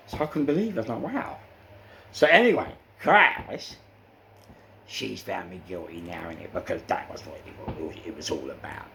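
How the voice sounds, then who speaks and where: A man with a London accent tells his stories with lively animation, his voice sitting on the lower side. He acts out each exchange, peppers his talk with "you know", and a faint hiss of noise runs underneath. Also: normal speed, creaky. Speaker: interviewee recounting prison life. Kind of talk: animated storytelling.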